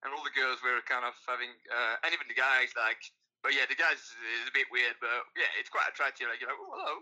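A man's voice: medium pitch, steady tone, fast talker, pushed and bright, highs cut off. A man in his twenties from France with a French accent, chatting casually as an interview guest and laughing easily. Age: 20s.

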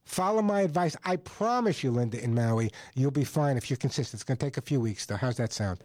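A man's voice: medium pitch, expressive, a little fast, darkish tone, no room sound. A male radio host giving firm, repetitive advice to a caller on a call-in pet show. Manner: assertive, repeats points for emphasis.

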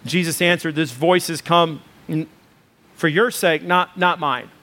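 A pastor delivers a sermon in a voice pitched high for a man. His talk is loose and conversational, full of ums, and it builds into emphatic repeated phrases. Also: unhurried, pushed and bright. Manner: conversational preaching with fillers, rising to emphatic lists.

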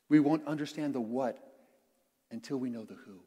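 A man preaching a sermon to his congregation, playful and animated, who acts out quotes and makes sound effects. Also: medium pitch, normal speed, breathy edge, narrow, tinny audio. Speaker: pastor. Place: church sanctuary. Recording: long church reverb.

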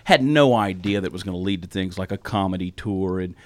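A man's voice: deep voice, fairly quick, dry recording. A man with a Southern Texas accent hosting a podcast, telling stories in a folksy, casual way. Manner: storytelling, folksy. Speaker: podcast host.

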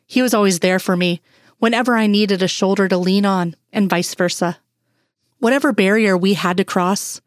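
A woman reading a first-person story aloud in an earnest, measured way. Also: mid-range voice, dry recording, studio quality. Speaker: reader.

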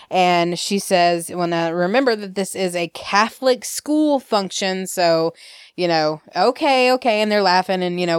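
A woman's voice: fairly low pitch, clean tone, no echo, studio quality. A woman from Alabama with a Southern accent, chatting casually as a podcast host and acting out quoted lines with laughs. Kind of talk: casual recap chat.

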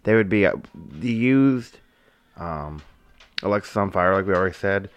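A man's voice: sits low, animated, normal speed, highs cut off. A man co-hosting a podcast in casual chat, laid-back with short replies and easy laughs. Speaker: podcast co-host.

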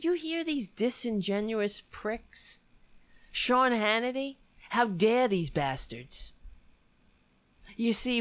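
A woman's voice: mid-range voice, a bit bright, clear, resonant tone. A woman hosting a heated political commentary show, talking in an indignant, sarcastic way and swearing freely.

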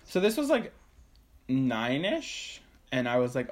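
A young man, co-hosting a casual chat podcast from his room at home, telling an animated story full of swearing and acted-out quotes. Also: mid-range voice, measured pace. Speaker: podcast co-host.

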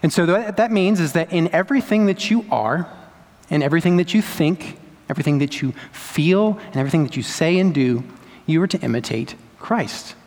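A man's voice: on the high side, animated, fairly quick, a little mellow. Man preaching in a reverberant hall. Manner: emphatic preaching with repetition and rhetorical questions. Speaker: pastor. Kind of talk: sermon.

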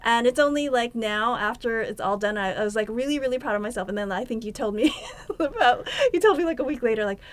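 A woman's voice: on the high side, quick pace. A woman co-hosting a podcast in casual conversation, telling stories about herself with self-deprecating humor and frequent laughter. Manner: self-deprecating, animated storytelling, laughs a lot. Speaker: podcast co-host.

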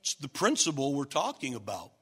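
A man preaching a sermon, emphatic and building stacked, repeated phrases, sometimes rising to a shout. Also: medium pitch, huge pitch swings, a little fast, breathy edge.

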